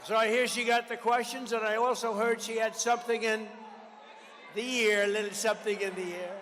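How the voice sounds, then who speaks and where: An older man gives a rally speech in a high, forceful voice that rings out with a long reverb across a big venue. He is combative and mocking and hammers the same phrases again and again, with faint noise underneath. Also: level tone, brisk, some chatter behind. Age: 70s. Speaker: political candidate.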